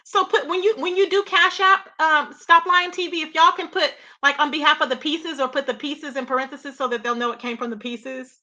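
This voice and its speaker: Woman host, casual commentary stream, high bright voice, opinionated and chatty with her audience. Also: steady tone, brisk, hardly any pauses. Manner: chatty, opinionated, addresses viewers as y'all. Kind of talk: casual drama commentary talk.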